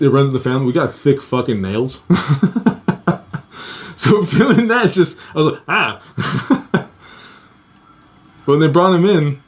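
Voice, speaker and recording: A man's voice: medium pitch, a little mellow. A young man casually telling a personal story, swearing a lot, acting out quoted voices and laughing between lines.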